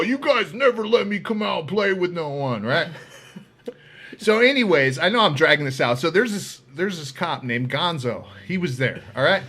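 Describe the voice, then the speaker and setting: A man hosting a podcast, casually telling a story, animated and profane, acting out the voices of people he quotes. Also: fairly high pitch. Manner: animated, swears freely, acts out quoted voices. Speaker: podcast host.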